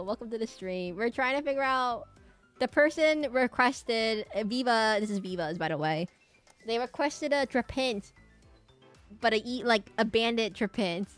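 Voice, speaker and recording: A woman's voice: medium pitch, fairly bright tone. Giggly rambling woman streamer. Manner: giggly, rambling, chatty with viewers. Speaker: livestreamer. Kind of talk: casual livestream chat while drawing.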